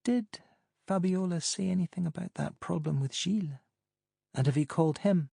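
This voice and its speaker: A woman's voice: lowish voice, normal speed, gravelly, dark tone, breathy edge, no room sound, studio quality, pitched above the performer's own voice, exaggerated voice. A man voicing a woman on the phone who teases in a lightly amused way. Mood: curious. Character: warm teasing woman on the phone.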